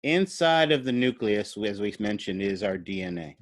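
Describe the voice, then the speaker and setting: A man's voice: fairly low pitch, animated, moderate pace, no room sound. A man giving a recorded university biology lecture. He explains step by step while drawing, thinks aloud, and asks the class playful questions.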